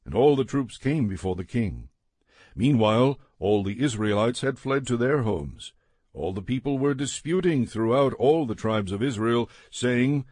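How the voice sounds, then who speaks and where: A man reading scripture aloud in a measured, steady narration. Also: mid-range voice, dry recording, clean studio sound. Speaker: scripture reader.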